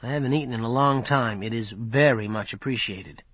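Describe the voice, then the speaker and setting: A man reading an audiobook, voicing a calm, wry, defiant young male hero. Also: medium pitch, fairly quick, slightly rough, no echo, voice pushed down.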